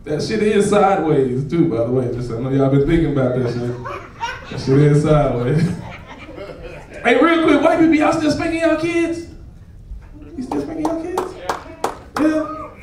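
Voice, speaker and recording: A man performing a profane stand-up comedy set on a club stage, laughing and shouting as he tells stories. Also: a little high, animated, normal speed, pauses often. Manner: loud, laughing, profane storytelling to a crowd. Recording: echoey club recorded from far off.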